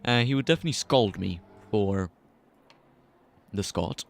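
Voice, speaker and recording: A man's voice: on the low side, expressive, moderate pace, gravelly. Chatty British sim racing commentator man. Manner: chatty, jokey asides between race calls. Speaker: esports race commentator. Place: commentary box.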